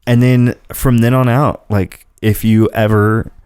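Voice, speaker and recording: A man's voice: mid-range voice, flat delivery, unhurried, darkish tone, smooth, no room sound, studio quality. A man hosting a casual podcast, telling rambling stories and laughing often. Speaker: podcast host. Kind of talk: casual chat.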